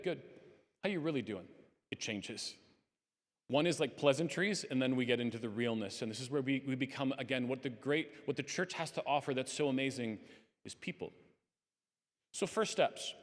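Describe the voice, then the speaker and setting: A man giving an earnest, conversational talk as a conference speaker to a live audience, with lively emphasis. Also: mid-range voice. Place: conference hall. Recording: long reverb of a hall.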